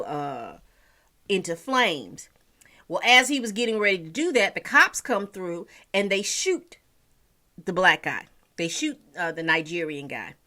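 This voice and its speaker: A woman's voice: on the low side, bright, forceful tone. A woman casually recapping a TV episode, chatty and storytelling, sprinkling in endearments like honey and child.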